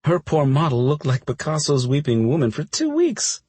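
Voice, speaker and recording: A brash, teasing young woman from a romance audiobook, as a male narrator puts her on, her voice lifted well above his own and very breathy. She talks bluntly and playfully, with swings in pitch. The sound is close and dry. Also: wildly swooping pitch, normal speed, dry recording, exaggerated voice.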